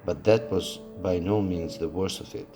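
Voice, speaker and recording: Deep-voiced man reading a novel aloud. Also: moderate pace, over music. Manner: steady reading with occasional slips and restarts. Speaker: audiobook reader.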